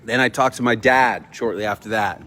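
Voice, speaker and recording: Middle-aged man, vlog host, casual storytelling, animated, faint background noise. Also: on the low side, normal speed. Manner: animated storyteller, acts out quoted dialogue. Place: home in Mexico.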